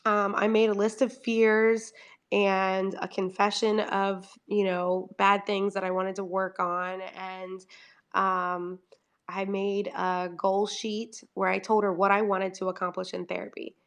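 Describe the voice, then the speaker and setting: A woman's voice: mid-range voice, flat delivery, a little slow. Chatty woman telling a long story. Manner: chatty, over-explaining, quoting herself in dialogue. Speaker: livestream host. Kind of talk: casual livestream chat.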